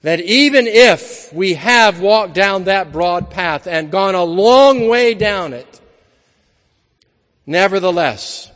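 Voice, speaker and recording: A man's voice: sits high, animated, takes it slowly, fairly bright tone, in a large hall. A man preaching an evening sermon in an earnest, emphatic manner, building his points through repeated phrases.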